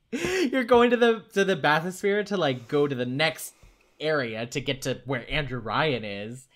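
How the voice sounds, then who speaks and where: A man co-hosting a casual podcast, a lively storyteller who laughs as he recaps scenes. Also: a little high, unhurried. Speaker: podcast co-host.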